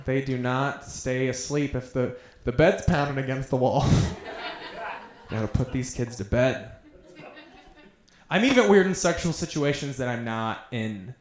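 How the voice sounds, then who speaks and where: A man's voice: mid-range voice, a little slow, crowd noise. A young man doing a stand-up comedy set, telling profane, self-deprecating stories. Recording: echoey room sound.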